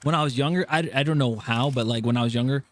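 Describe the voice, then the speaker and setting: An American man with a slight Southern twang talks through a game on a live stream, his voice sitting at a middle pitch. He rambles from story to story, restarting his sentences as he goes. A faint hiss sits behind him. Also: fast talker. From California. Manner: rambling, self-interrupting storytelling. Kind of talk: casual live-stream chat.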